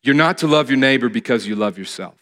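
A man's voice: mid-range voice, expressive, quick pace, a bit bright. A man preaching a sermon, earnestly repeating key phrases for emphasis, with some restarts as he speaks.

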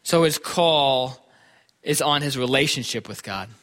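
A man's voice: mid-range voice, measured pace, a bit bright. A man preaching a sermon in an earnest, thinking-aloud way, often repeating words as he goes. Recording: long hall reverb.

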